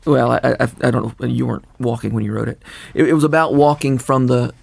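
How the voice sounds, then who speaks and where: An older man with a Southern accent hosting a podcast, talking in a halting way and repeating words. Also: mid-range voice, fairly even intonation, vocal fry, a little mellow, husky, dry recording. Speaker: podcast host. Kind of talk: casual conversation.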